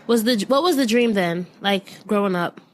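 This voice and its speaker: A woman hosting a casual podcast interview, chatty, asking quick follow-up questions. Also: medium pitch, lively intonation, slight background noise. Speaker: podcast host.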